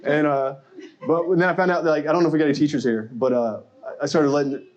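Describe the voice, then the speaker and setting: A man's voice: a little high, fairly even intonation, fast talker, a little mellow, muffled recording. A young man from Arkansas doing a stand-up comedy set, chatty and self-mocking, talking straight to the crowd. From Arkansas, USA. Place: comedy club stage.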